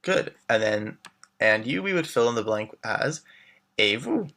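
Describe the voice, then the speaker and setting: A man with a bright, clear voice leads a beginner language lesson. He models each phrase slowly, glosses it plainly, and warmly prompts the listener to try it back. His pitch sits mid-range for a man. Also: lively intonation. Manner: clear, slow modeled pronunciation with English glosses; encouraging, prompts the learner to answer. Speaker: French teacher.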